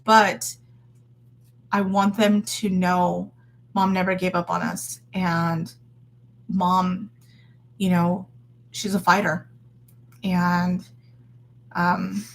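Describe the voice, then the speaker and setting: A woman's voice: on the low side, little pitch movement, slow pace, vocal fry, long pauses, slight background noise. A woman in her thirties talking casually and earnestly to her viewers, encouraging and full of fillers and restarts. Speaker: vlogger. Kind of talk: casual faith vlog talk.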